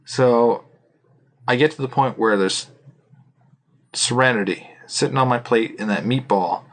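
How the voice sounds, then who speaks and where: A man's voice: mid-range voice, measured pace. Man telling a rambling story on a podcast. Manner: rambling storyteller, laughs often. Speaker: podcast co-host. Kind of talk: casual chat. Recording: faint background noise.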